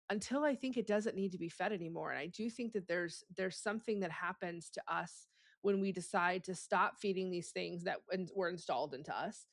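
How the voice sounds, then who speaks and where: A woman's voice: on the low side, dry recording, clean studio sound. A woman hosting a podcast, talking in an earnest, emphatic way and repeating words for stress. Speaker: podcast host. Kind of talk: casual conversation.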